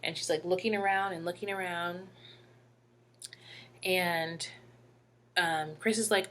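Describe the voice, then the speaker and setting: A young woman telling a personal story to camera in a halting, emotional way with many fillers. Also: on the low side, steady tone, fairly bright tone, a little hiss or hum. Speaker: vlogger.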